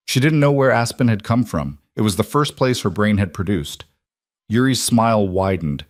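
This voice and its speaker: In scripted audiobook narration of a thriller, a male narrator with a lowish voice reads steadily and with measure. The sound is close and dry, with no room sound at all.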